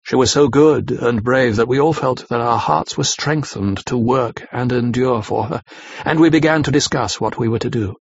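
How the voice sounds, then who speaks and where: A man narrating a classic novel in a measured, even reading. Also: medium pitch, creaky, husky, dry recording. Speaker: audiobook narrator. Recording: slightly dull lo-fi recording.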